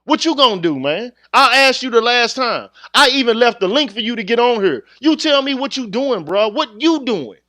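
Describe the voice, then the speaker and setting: A man's voice: very high voice, animated, moderate pace, hardly any pauses, sharp tone, no room sound. A man hosting his own channel, ranting bluntly in street slang, heated and confrontational in a casual monologue to viewers. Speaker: channel host.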